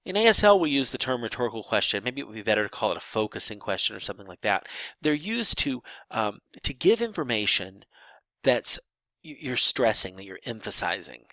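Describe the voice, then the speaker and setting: A man's voice: fairly low pitch, sing-song, fairly quick, a bit bright, no room sound. A man teaching sign language grammar in a lecture, explaining step by step with fillers and restarts and acting out example sentences.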